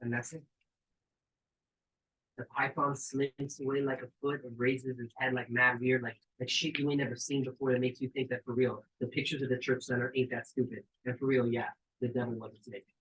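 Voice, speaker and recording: Captured on a low-quality recording in a cabin at a live event, a man reads a story he wrote, full of street slang and swearing. Quoted lines come out high and shouted, while suspenseful parts drop to a low hush.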